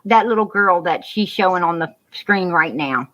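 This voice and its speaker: A woman's voice: fairly low pitch, animated, normal speed, a bit bright. A woman talking on a livestream call, repeating herself, comforting another caller and getting fired up. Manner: repetitive, consoling, fired-up, says "you know what" often. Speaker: guest on a livestream. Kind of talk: emotional livestream call-in chat. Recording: dull lo-fi stream audio.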